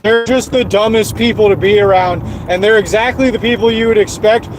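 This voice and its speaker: A man's voice: high-pitched, fairly even intonation, fairly quick, background noise. A man streaming an angry, profane, repetitive rant. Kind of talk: angry ranting monologue.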